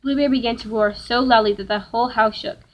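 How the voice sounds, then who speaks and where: A woman's voice: a little high, fairly even intonation, fast talker, lo-fi sound. A woman reading a fairy tale aloud carefully, correcting small slips as she goes. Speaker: reader.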